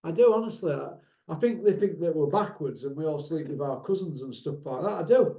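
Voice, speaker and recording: A man with a Northern English accent telling a casual story, lively and mimicking other people as he goes. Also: fairly high pitch, fairly quick. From Northern England. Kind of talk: casual anecdote. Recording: roomy, dull lo-fi sound.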